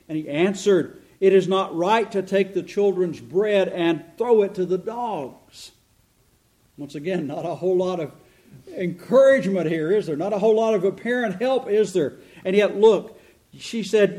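A middle-aged pastor preaches in a fairly high, light voice. He is earnest and emphatic, slows down to stress key lines, and asks the listeners rhetorical questions. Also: darkish tone. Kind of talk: sermon.

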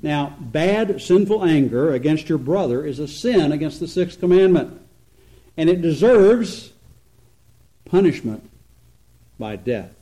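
A man preaching an expository sermon, earnest and emphatic, slowing down to stress points and swinging between loud and quiet. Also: on the high side, big pitch swings, low-quality recording. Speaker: pastor.

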